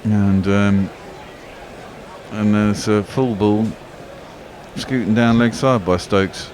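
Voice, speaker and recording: A man giving live ball-by-ball radio cricket commentary, excitable, swearing and arguing with his co-commentator. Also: on the low side, slow pace, a little hiss or hum. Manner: excitable, swears freely, argumentative banter.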